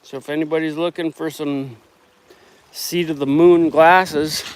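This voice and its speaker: A man vlogging outdoors by a lake shore and on a boat, excitable and swearing freely. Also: a little high, a little slow, rough recording. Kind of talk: casual outdoor vlog chat. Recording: wind noise on the mic outdoors.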